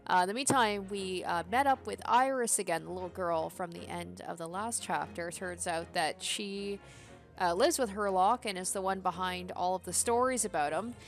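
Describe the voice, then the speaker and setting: A woman doing casual game commentary, reading the dialogue aloud in a giggly, excitable way. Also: fairly low pitch, normal speed, creaky, faint music behind. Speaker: game streamer.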